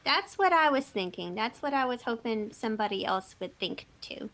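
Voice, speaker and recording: Fairly high-voiced woman player. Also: expressive, moderate pace, fairly bright tone, low-quality recording. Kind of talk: playing a tabletop game.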